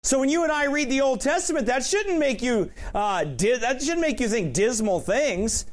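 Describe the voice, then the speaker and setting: Male preacher, high voice, casual sermon delivery with rhetorical questions. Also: big pitch swings, normal speed.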